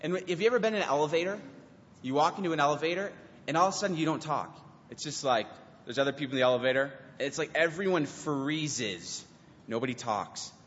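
A young man, a youth pastor, giving an animated sermon and acting out quotes from teens and God. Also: on the high side, fast, slight background noise. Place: church hall. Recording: dull lo-fi recording with hall reverb.

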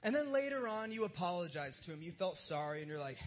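A man preaching a sermon with a notably high voice. He talks loosely and jokes with everyday slang, like he's chatting with the congregation. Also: big pitch swings, quick pace, few pauses. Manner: casual and joking, uses slang. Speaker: pastor. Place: church service in front of a live crowd.

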